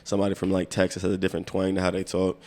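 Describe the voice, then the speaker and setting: A man co-hosting a podcast in loose, relaxed casual chat, often repeating words as he starts a thought. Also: sits low, racing. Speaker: podcast co-host.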